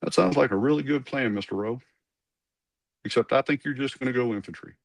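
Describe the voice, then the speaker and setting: A man imitating a blunt older Army colonel who talks in a gruff, teasing way. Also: mid-range voice, slow, no echo, voice pushed up.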